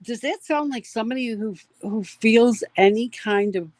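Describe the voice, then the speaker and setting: A woman's voice: on the high side, normal speed, a little mellow, no echo. A woman hosting a casual live commentary, indignant and emphatic, repeating points for weight. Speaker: host of a commentary stream.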